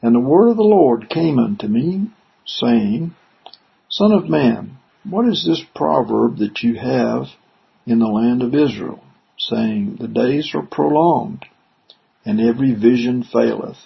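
Gravelly husky man reading scripture. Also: mid-range voice, expressive, slow pace. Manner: reads verses then explains them conversationally. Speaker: preacher. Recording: dull lo-fi recording.

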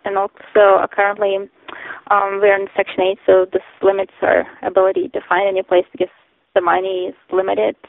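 A woman's voice: mid-range voice, completely flat delivery, brisk, gravelly, no room sound. A woman from Ukraine calling a prayer line, speaking hesitantly with many fillers. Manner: hesitant, many ums and uhs. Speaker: caller asking for prayer. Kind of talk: phone call to a prayer line. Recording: tinny phone line, dry.

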